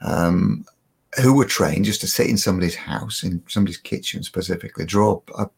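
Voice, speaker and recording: A man's voice: low-pitched, a little fast, creaky, slightly rough. An older man, a guest telling stories in a rambling, self-mocking way, full of restarts. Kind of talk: casual storytelling.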